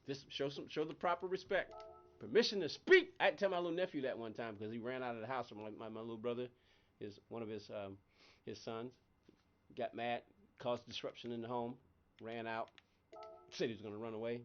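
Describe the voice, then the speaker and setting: A man's voice: mid-range voice, a little fast, lo-fi sound, faint music behind. A man chatting casually on a live game stream, rambling between stories and laughing often. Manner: chatty, laughs often, voice jumps up when excited. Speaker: gaming livestream host.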